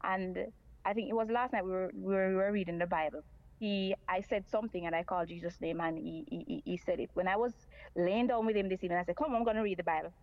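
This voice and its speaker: A woman's voice: lowish voice, fast, highs cut off. A woman calling in to talk radio, earnestly repeating her points.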